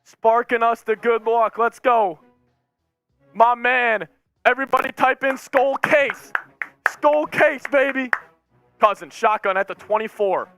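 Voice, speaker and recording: A man streaming as a sports fan, calling plays live with hyped yells and rambling reactions. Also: very high voice, a little slow, music in the background. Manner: hyped, yelling, rambling play-by-play.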